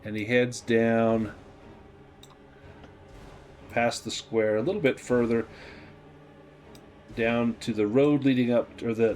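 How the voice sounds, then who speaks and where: A man narrating as game master of a tabletop game. His mid-pitched voice is relaxed and unhurried. He pauses and restarts as he describes the scene. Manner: relaxed, halting, with fillers and restarts.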